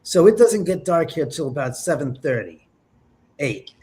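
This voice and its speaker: Animated higher-voiced man telling stories. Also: normal speed. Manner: lively, acts out quotes with whispers and exclamations. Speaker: paranormal investigator guest. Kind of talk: animated storytelling in an interview.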